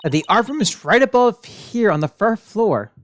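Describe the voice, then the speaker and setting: A woman's voice: medium pitch, lively intonation, moderate pace, slight background noise. A woman streamer reading a game's dialogue aloud on a livestream, voicing every character and laughing at her own strained voice.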